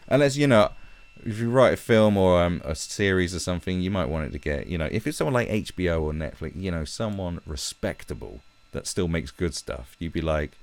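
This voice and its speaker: A man's voice: deep voice, a little fast. A young British man on a live stream, ranting heatedly and swearing as he talks from his own room. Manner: profane, animated, heated.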